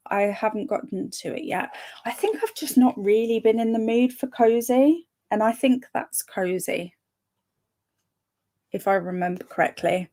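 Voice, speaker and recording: A young woman chats on her live reading stream in a bubbly, easygoing way. She reads viewers' comments aloud, laughs often and stumbles over a word here and there. Her pitch sits mid-range. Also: darkish tone. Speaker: livestream host of reading sprints.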